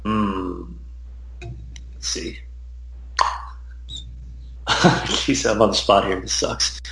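A man's voice: fairly low pitch, lively intonation, very slow, vocal fry, a bit bright. A man guesting on a casual podcast, laid-back and self-mocking, swearing now and then. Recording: echoey room, faint noise.

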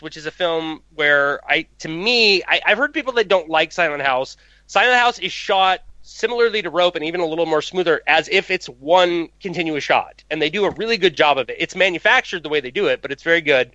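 A man's voice: on the high side, sharp tone, dry recording, highs cut off. A man hosting a casual film podcast, joking and swearing offhandedly as he steers the talk. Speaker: podcast host.

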